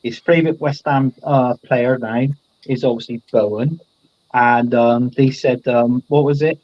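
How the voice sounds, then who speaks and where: A man's voice: mid-range voice, steady tone, unhurried, darkish tone, dry recording. A man on a casual football podcast, teasing and laughing often. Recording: dull, dry sound.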